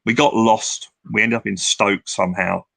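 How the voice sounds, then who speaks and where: A man's voice: fairly low pitch, steady tone, moderate pace, vocal fry, a bit bright, no room sound. An older man from England, a guest telling long, rambling stories with many restarts in a casual interview. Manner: rambling, reminiscing with restarts and acted-out quotes.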